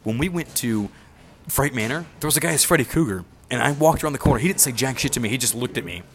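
A man's voice: medium pitch, animated, fast talker, slight background noise. A young man casually telling a rambling story, swearing freely and acting out the voices of the people he quotes.

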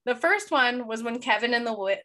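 A young woman co-hosts a casual podcast chat in a bright, slightly high voice. She gushes and gets emotional easily, and she laughs often. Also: lively intonation, a little fast. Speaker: podcast co-host.

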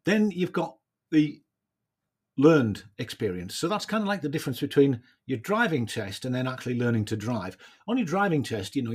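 A man's voice: mid-range voice, darkish tone, breathy edge. A man hosting a casual solo podcast, thinking aloud in a reflective way and often adding tag questions. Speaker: podcast host.

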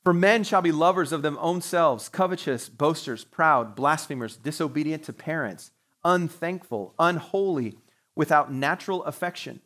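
A man's voice: on the high side, normal speed, fairly bright tone. A man preaching a sermon to his congregation as pastor, talking in a conversational way with joking asides. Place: church sanctuary, live-streamed service.

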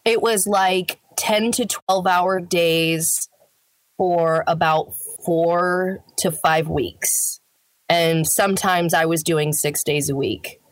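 Chatty low-voiced woman, dry sound. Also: fairly even intonation, slow, no room sound. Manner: chatty, explanatory, laughs easily. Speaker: voiceover actor guest. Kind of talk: casual interview chat.

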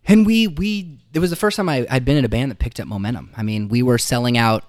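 A man, a musician guest, telling his life story in a casual interview, reflective and halting with fillers. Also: medium pitch, no echo, studio quality.

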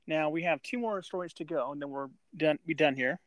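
Guy rambling through a crime story, kinda high voice, dry close sound. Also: no room sound. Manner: halting, many restarts and fillers. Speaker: podcast co-host. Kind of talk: casual true-crime chat.

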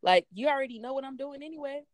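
A woman's voice: sits high, animated, fast, dry recording, clean studio sound. A woman hosting a faith podcast asks reflective questions and quotes scripture in an encouraging way. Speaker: podcast host. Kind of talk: faith-based podcast conversation.

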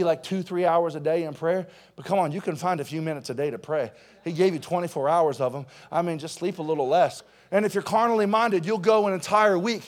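A young adult male pastor preaching a sermon to young people, swinging between quiet talk and loud, impassioned exhortation. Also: high-pitched. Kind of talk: sermon to youth.

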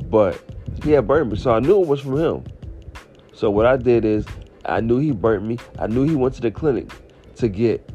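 A man's voice: on the low side, mellow, voice pushed down, close to an everyday voice. A man voicing a brash, blunt woman coworker who tells her story in a matter-of-fact, slangy, unashamed way, with slightly muffled audio and faint music.

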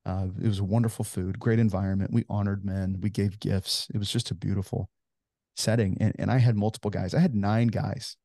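Earnest founder in his forties: low, dry, close voice, chatty interview storytelling. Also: little pitch movement, brisk, warm tone, no room sound. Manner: earnest storyteller, heavy on "you know" fillers. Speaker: ministry founder, guest.

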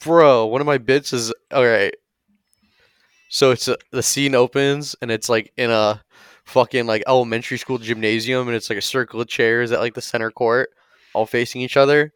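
Podcast co-host, casual, smooth voice, dry close mic, rambling storyteller; male. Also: medium pitch, normal speed, dry recording. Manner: rambling, animated, swears a lot.

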